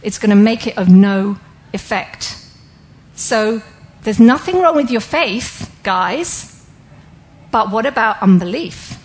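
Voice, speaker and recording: A woman's voice: mid-range voice, expressive, slow pace, rough recording. Woman teaching a Bible class. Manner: engages listeners with questions; explanatory, breaks ideas down step by step. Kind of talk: interactive sermon teaching.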